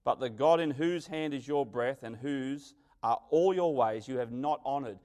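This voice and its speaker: A man preaching a sermon, telling stories with dramatic swings from loud to quiet. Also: mid-range voice, moderate pace. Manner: animated storytelling, dramatic swings in loudness.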